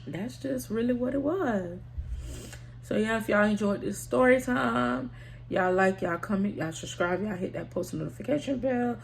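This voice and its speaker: A gravelly, medium-pitched voice belongs to a storytime vlogger recounting something personal in a casual vlog. She's candid, uses slang, and often addresses her viewers head-on, with slight background noise present.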